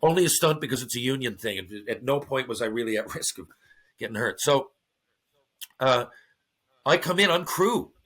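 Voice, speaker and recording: This middle-aged podcast guest has a medium-pitched voice and a moderate pace broken by long pauses. He's animated and profane as he spins a casual story, imitating each person he quotes.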